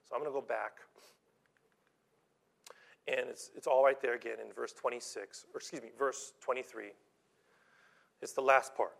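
A man's voice: medium pitch, fairly even intonation, vocal fry, a bit bright. Guy preaching a sermon, casual storytelling tone, trips over words, stretches out the big lines. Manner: conversational storytelling with halting restarts. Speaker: pastor.

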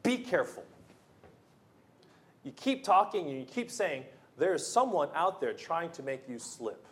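A man's voice: on the high side, very animated, a little slow. A man preaching a sermon as pastor, talking in a loose, conversational way with restarts and playful asides.

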